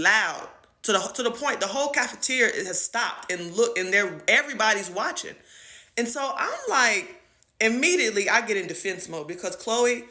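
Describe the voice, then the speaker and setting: A woman's voice: medium pitch, sharp tone. A woman who works as a teacher, telling a personal story to the camera in an emphatic, chatty way and often checking in with the listener. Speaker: school teacher. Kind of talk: storytime vlog.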